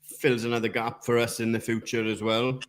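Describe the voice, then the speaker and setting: A man hosts a podcast in a loose, joking chat, dropping the odd swear word. His voice sits at an ordinary middle pitch. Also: little pitch movement, moderate pace. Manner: banter with swearing and laughs. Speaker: podcast host. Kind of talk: casual chat.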